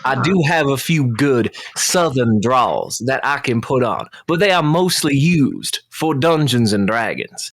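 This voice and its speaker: Young man, podcast guest; wry, sweary, lively pitch, dry sound. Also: a little slow, few pauses, no room sound. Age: young adult. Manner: wry, self-mocking, swears freely. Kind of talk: casual podcast chat.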